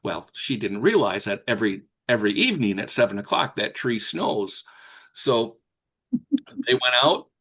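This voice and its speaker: A man's voice: medium pitch, big pitch swings, moderate pace, fairly bright tone, husky. An older man, a professional Santa performer, telling stories in a folksy, rambling way. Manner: folksy, rambling with fillers and restarts. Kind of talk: anecdotal storytelling.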